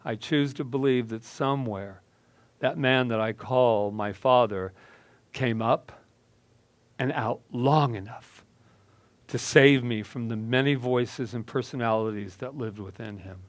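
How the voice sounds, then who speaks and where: A male minister tells a personal story at a very slow, deliberate pace. His voice sits in a middle pitch and leans into the dramatic moments. The recording is dry and close, with little room sound. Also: no room sound. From United States.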